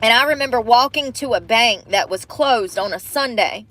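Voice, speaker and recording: A woman's voice: a little high, animated, moderate pace, pushed and bright. Frustrated young woman ranting in her car. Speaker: vlogger living in her car. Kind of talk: venting vlog. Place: inside a parked car in the rain.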